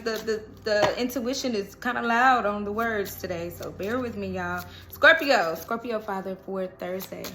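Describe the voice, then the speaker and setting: A woman's voice: fairly high pitch, slight background noise. A woman doing a casual tarot reading, chatty and rambling, laughing often and breaking into bits of song. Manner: lively, rambling and self-correcting. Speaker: tarot horoscope reader.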